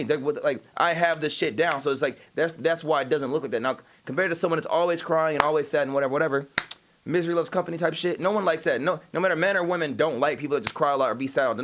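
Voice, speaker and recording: A man livestreaming, telling a story in a rapid, emphatic way, swearing often and trailing off with filler sounds. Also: a little high, fairly bright tone, slight background noise. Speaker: streamer. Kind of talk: casual livestream storytelling and reacting.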